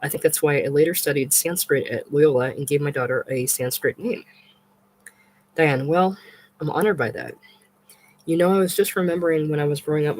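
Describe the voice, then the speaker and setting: A woman's voice: deep voice, a little mellow, poor audio. A woman reading a memoir written as a dialogue aloud, telling stories in a conversational way and speaking the quoted lines. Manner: conversational storytelling, quoting others aloud. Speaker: audiobook reader.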